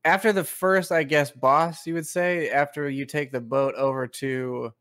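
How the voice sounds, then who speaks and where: A young man co-hosting a podcast, chatting casually and retelling game scenes in an animated way. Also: a little high, a little slow, smooth. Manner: animated storyteller, acts out scenes in goofy voices. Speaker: podcast co-host. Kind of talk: casual chat.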